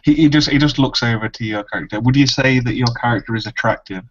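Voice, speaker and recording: A man's voice: mid-range voice, quick pace, lo-fi sound, a little hiss or hum. A man playing his dwarf character in a tabletop game, stammering and repeating words as he talks. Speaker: player.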